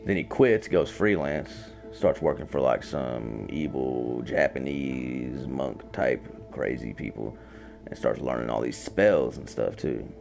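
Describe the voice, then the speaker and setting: A man with a deep, gravelly voice talks slowly through a comic-book plot for his podcast. His delivery is loose and relaxed, full of fillers and a few curses. Soft music plays faintly underneath. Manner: laid-back retelling with fillers and profanity. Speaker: podcast host. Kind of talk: casual comic-book storytelling.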